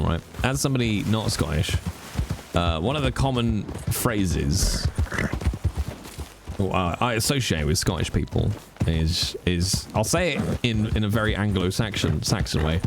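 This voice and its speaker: A man's voice: on the low side, sing-song, moderate pace, noisy background. A man streaming a role-play game, chatting casually and jokily with lots of swearing. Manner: rambling, jokey, swears a lot. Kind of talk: casual gaming stream commentary.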